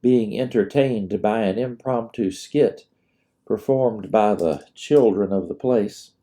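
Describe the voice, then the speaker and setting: A man narrating his own historical storybook in a measured, expressive reading. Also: on the low side. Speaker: author narrating his book.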